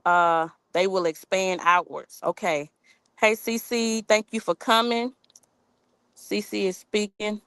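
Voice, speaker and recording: A woman's voice: lowish voice, measured pace, creaky, fairly bright tone, no room sound. A woman hosting a gardening live stream outdoors in her backyard, chatting casually and reading viewer comments aloud. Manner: chatty, reads viewer comments aloud, informal dialect with y'all. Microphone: phone camera on a tripod.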